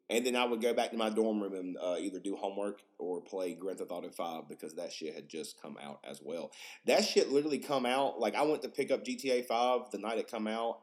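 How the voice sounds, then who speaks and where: A young man with a low voice hosts a podcast in loose, rambling chat, cursing constantly. His pitch jumps around animatedly as he gets worked up, and his delivery is excitable and unfiltered. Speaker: podcast host.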